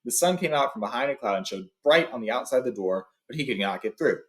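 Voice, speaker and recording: A man's voice: medium pitch, expressive, fast, fairly bright tone. A young adult man retelling a story in a loose, casual way with fillers, then reading passages aloud.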